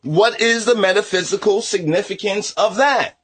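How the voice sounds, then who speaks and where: A man's voice: high-pitched, moderate pace, a bit bright. Combative man in a commentary vlog. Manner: combative, repetitive, with many tag questions. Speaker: religious commentator.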